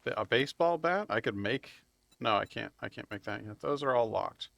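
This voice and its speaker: A man streaming a video game live, chatting casually and rambling as he plays, swearing freely and laughing loudly at chat. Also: mid-range voice, animated, moderate pace, gravelly, dry recording. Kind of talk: live gameplay commentary.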